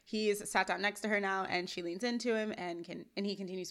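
A young woman co-hosting a podcast, chatting casually and reading a scene recap in a quiet, even way. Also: medium pitch, fast talker, few pauses. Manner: reads recap quietly and evenly, laughs at herself. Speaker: podcast co-host.

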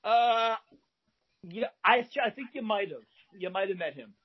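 Husky high-voiced man telling a bar story. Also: unhurried, lo-fi sound. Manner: rambling with frequent fillers and restarts. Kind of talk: animated storytelling.

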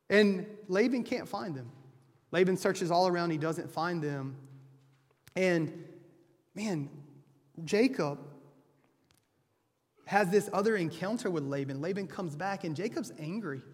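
This preacher's high, light voice carries a breathy edge and rings out with a long, big-hall reverb. He tells a scripture story conversationally and loosely during his sermon, frequently going back to restart his phrases.

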